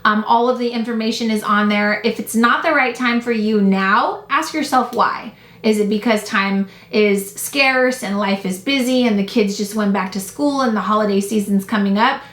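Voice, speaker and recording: A woman hosting a business class, making a direct and urgent motivational sales pitch to viewers. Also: moderate pace, few pauses, a bit bright. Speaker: business coach and course host. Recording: echoey room.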